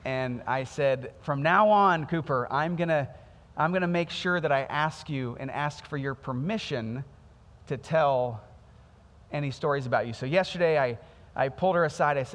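A man in his thirties, a pastor preaching a sermon in a conversational, storytelling way with animated quoted voices. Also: mid-range voice, normal speed. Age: 30s. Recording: music underneath, long hall reverb.

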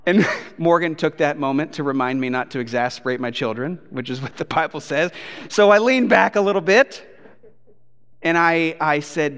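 A man in his thirties preaches a sermon in a church auditorium, his fairly high voice carrying a long, ringing reverb. He tells stories with animated delivery and breaks into his toddler's replies. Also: brisk, clean tone. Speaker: pastor.

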